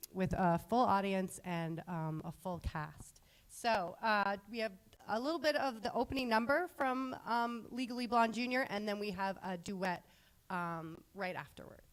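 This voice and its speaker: A woman school play director cheerfully presenting to a school board and listing facts in an upbeat way. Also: medium pitch.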